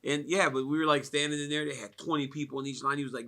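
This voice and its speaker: A man's voice: a little high, fast talker. A man from the United States speaking at a fight media day, telling stories casually with many fillers and frequent laughs. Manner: animated storyteller, laughs often, many "like" fillers.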